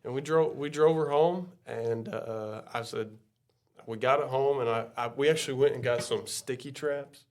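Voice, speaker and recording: A man telling a story on a casual podcast, animated, acting out screams and other people's voices. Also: medium pitch, moderate pace. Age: adult with a young son.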